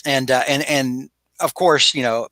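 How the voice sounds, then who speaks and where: Bright-voiced man recapping comics. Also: medium pitch, a little slow, no echo. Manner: animated retelling with acted-out quotes and frequent restarts. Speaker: podcast co-host. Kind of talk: casual chat.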